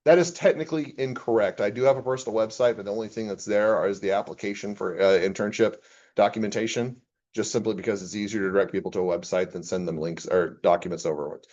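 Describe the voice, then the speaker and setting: A man's voice: on the low side, fairly even intonation, fast, darkish tone, lo-fi sound. Conversational male professor lecturing. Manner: conversational, reads chatbot replies aloud and comments. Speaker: accounting professor. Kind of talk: classroom lecture.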